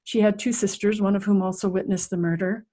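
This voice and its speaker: A middle-aged woman, a resilience coach, telling a personal story in an interview in a vivid, animated way that acts out the scenes. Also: medium pitch, a little fast.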